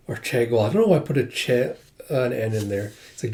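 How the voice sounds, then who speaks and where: A man's voice: mid-range voice, lively intonation, fast, darkish tone. A man casually reading through and retelling a manga volume, with a chatty, filler-heavy delivery. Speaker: manga reviewer. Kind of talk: casual read-through of a comic.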